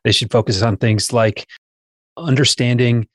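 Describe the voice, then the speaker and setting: A man's voice: mid-range voice, fairly even intonation, a little slow, no room sound, clean studio sound. A man co-hosting a podcast, chatting casually about sales with playful asides.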